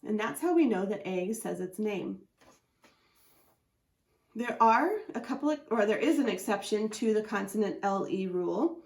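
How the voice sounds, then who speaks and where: A woman's voice: mid-range voice, expressive, vocal fry. Patient woman teaching phonics, echoey room. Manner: patient, slowly sounds out letters and syllables. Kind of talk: phonics lesson explaining a chart.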